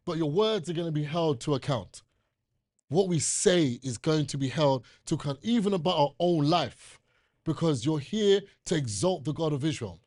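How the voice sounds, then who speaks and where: A man's voice: on the high side, expressive, normal speed, a little mellow, no echo, clean studio sound. A man with a British accent, an elder preaching a sermon and reading scripture with emphasis.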